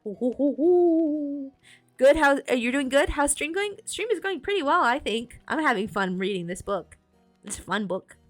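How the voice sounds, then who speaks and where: A woman with a fairly high voice reads a storybook aloud on a live stream, narrating at an easy pace and stopping now and then to chat with viewers. Faint music plays under her streaming mic. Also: expressive, normal speed. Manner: chatty asides to chat, reads with small self-corrections.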